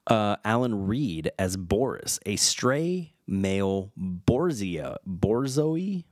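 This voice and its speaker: A man's voice: low-pitched, very animated, slow pace, hardly any pauses, dry recording, clean studio sound. A man hosting a casual film retrospective, reading trivia aloud and stumbling over names. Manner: reads fun facts aloud, stumbles over names and chuckles. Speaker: podcast host.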